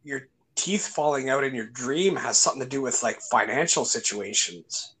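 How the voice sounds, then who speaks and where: In a casual podcast chat, a young man spins long, rambling stories, acting out voices in his anecdotes and swearing freely. His voice is medium-pitched, a bit bright and slightly rough, with lively intonation at a normal speed.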